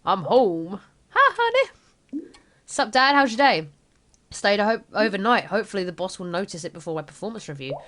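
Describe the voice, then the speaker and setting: A woman's voice: mid-range voice, expressive, a little fast, a bit bright, natural voice. A woman voicing a joking, teasing middle-aged father while reading a game's dialogue aloud. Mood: chatty. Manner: reading game text aloud in character. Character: joking dad, middle-aged man, crude humor.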